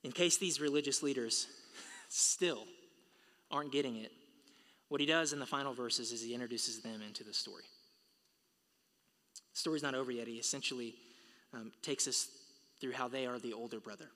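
A man's voice: mid-range voice, steady tone, moderate pace, pauses often, bright, forceful tone. Man preaching in a reverberant hall. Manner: preaching, building to emphatic peaks. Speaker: pastor. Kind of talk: sermon. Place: church sanctuary. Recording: long reverb of a large hall.

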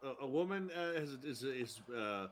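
A man's voice: mid-range voice, lively intonation, normal speed. A man in casual podcast chat, rambling and cursing as he retells a TV episode. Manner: rambling, profane, laughs while retelling. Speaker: podcast co-host.

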